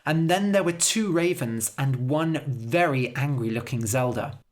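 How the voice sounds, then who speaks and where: A woman narrating a story for English learners as a scripted read-aloud, with an expressive, lively delivery. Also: rumbling low, measured pace.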